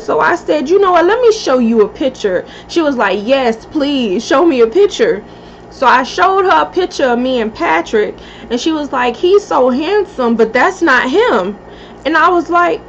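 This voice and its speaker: A high-voiced woman tells a story at an unhurried pace, animated and swearing freely as she acts out what people said. The recording is dull and lo-fi with a faint hiss under it. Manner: animated, profane, acts out quoted speech. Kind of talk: casual storytelling vlog.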